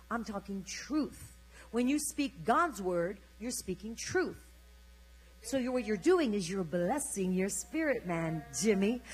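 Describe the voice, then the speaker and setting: Older woman preaching with high energy. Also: breathy edge, poor audio. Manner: energetic, exhorting, prompts the congregation to repeat after her. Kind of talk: sermon.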